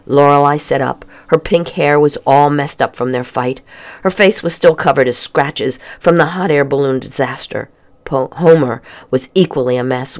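A woman reading a children's adventure story aloud with expressive storytelling. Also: very deep voice. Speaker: narrator.

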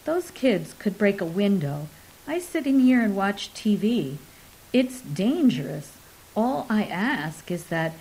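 A woman voices a reclusive older man in an audiobook, weary on the surface. His threats come out quiet, even and chillingly calm. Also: medium pitch, slow, husky, heavily acted, rough recording. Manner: quiet, controlled, deadly calm.

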